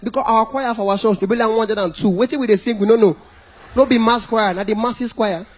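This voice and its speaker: A man with a Nigerian accent doing stand-up comedy, animated and breaking into song and mock shouting. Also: sits high, quick pace, breathy edge.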